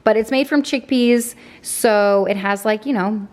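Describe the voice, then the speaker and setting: A woman's voice: mid-range voice, measured pace, a little mellow. A woman in her thirties, a mom chatting casually through a grocery haul, rambling with self-deprecating asides.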